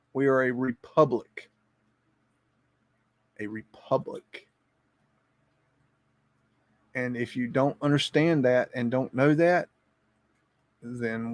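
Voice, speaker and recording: A man hosts a casual live stream, thinking aloud and reacting to what he sees. He rambles, chuckles and repeats himself as he goes. His voice sits at an average pitch, recorded close and dry. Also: no room sound. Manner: repeats words while reacting to images.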